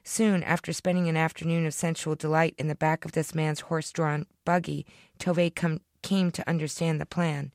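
A woman reading her own short story aloud in a deadpan storytelling manner, close to the microphone. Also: low-pitched, brisk, few pauses, dry recording. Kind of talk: fiction reading.

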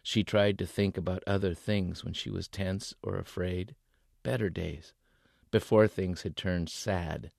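A male author reading his novel aloud in an expressive way, voicing the characters. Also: low-pitched, measured pace, gravelly, no echo, clean studio sound.

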